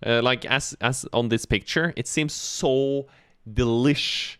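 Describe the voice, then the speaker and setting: A man's voice: medium pitch, slow, a bit bright, clear, resonant tone, dry recording, clean studio sound. A Norwegian man hosting a reaction video, chatting casually and joking around, laughing often. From Norway.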